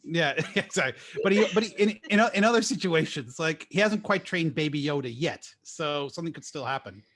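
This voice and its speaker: High-voiced laughing man co-host. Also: a little fast. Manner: laughs often, animated storytelling. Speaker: podcast co-host. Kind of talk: casual group chat.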